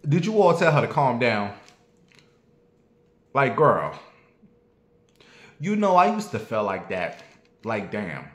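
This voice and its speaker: A man's voice: mid-range voice, big pitch swings, takes it slowly, long pauses, a bit bright. A man in his forties talking bluntly and profanely to his viewers in a casual, preachy rant. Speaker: vlogger. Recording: echoey room.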